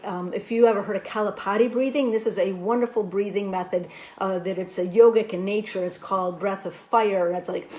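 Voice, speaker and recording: A woman teaching a wellness workshop, telling a personal story in an animated way with lots of "you know" fillers. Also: medium pitch.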